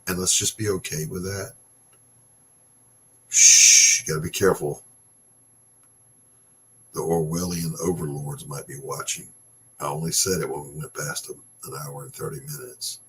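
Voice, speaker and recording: A low-voiced man holds forth in a blunt, sarcastic rant, with frequent swearing. He keeps the casual talk of a host speaking off the cuff. A faint hiss of noise sits under his voice. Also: flat delivery, brisk. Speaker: podcast host. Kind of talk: casual opinion monologue.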